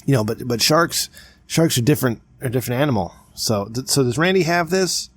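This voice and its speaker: A man's voice: mid-range voice, animated, a little fast. A man hosting a casual podcast, rambling and joking, often saying "bruh". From not from the West Coast. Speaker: podcast host.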